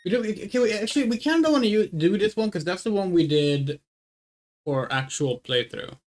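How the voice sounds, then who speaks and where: A woman's voice: medium pitch, lively intonation, moderate pace, a little mellow. A woman streaming a game, chatting casually with her viewers and thinking aloud as she picks options, referring to herself as "we". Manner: thinking aloud, rambling, speaks of self as "we". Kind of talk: casual let's play commentary.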